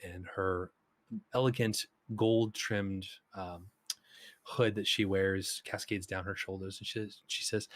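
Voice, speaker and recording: Low-voiced man narrating a tabletop game. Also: slow pace, dry recording. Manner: relaxed descriptive narration with fillers. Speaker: game master.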